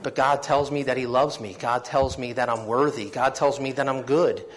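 A man's voice: mid-range voice, fairly even intonation, normal speed. A man preaching a sermon, telling his own story in an earnest, heartfelt way that swells with feeling. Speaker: preacher giving testimony.

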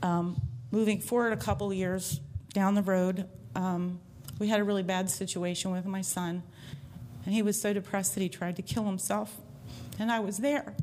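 A woman's voice: medium pitch, steady tone, normal speed, a little mellow, slight background noise. Woman telling her testimony up front at church, sincere and open, ordinary mid voice. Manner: earnest, heartfelt storytelling. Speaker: church member giving testimony. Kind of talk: personal faith testimony to a congregation.

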